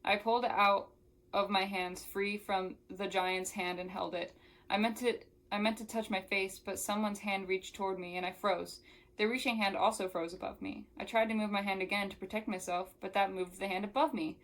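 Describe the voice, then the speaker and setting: A woman's voice: mid-range voice, little pitch movement, moderate pace, fairly bright tone. A young woman who reviews books, reading a novel aloud and breaking off into casual, exasperated asides. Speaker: book reviewer.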